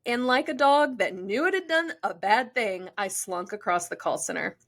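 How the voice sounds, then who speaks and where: A woman's voice: medium pitch, normal speed. A young woman co-hosting a podcast, chatting casually, laughing often and reading a listener story aloud. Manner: chatty, giggly, animated when reading stories. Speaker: podcast co-host.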